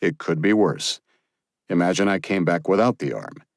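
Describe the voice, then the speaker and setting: A wry, low-voiced male captain who plays down his pain with dry jokes, as a man reads him. The voice is very deep, quiet and close, with no room sound. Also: normal speed, no echo. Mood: wry, calm. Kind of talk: audiobook character reading.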